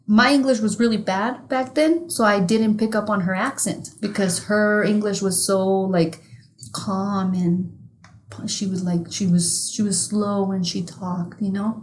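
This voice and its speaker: A woman from Mexico whose first language is Spanish, co-hosting a podcast and telling a rambling, profane story with frequent laughter. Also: medium pitch. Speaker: podcast co-host. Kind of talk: casual chat.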